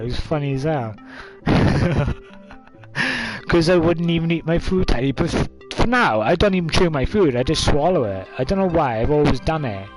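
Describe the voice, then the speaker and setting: A man of twenty-five, telling a story casually to camera with lots of fillers. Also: on the high side. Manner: rambling, many fillers, coughs and laughs.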